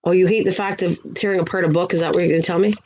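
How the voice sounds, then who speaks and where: A woman's voice: on the low side, fairly even intonation, racing, a little mellow, low-quality recording. An older woman hosting a crafting livestream, chatting in a rambling way and talking to viewers in the chat. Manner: sweet greetings to viewers in a lifted voice.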